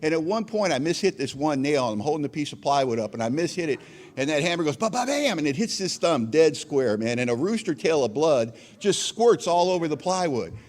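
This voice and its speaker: A man sharing his recovery story at a meeting, self-mocking and acting out scenes, swinging between loud outbursts and quiet reflection. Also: fairly high pitch, expressive, fairly quick, big-room sound. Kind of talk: animated storytelling talk.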